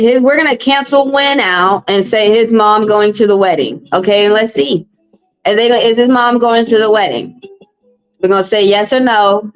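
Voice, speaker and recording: A woman's voice: a little high, poor audio. Blunt, laughing woman tarot reader. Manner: blunt, profane, teasing, laughs often. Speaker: tarot reader on a live stream. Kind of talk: casual live-stream chat.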